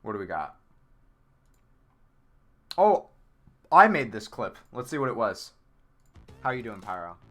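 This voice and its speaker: A man hosting a live-stream clip tournament in casual chat, excitable and rambling with lots of fillers. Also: on the low side, a little slow, pauses often.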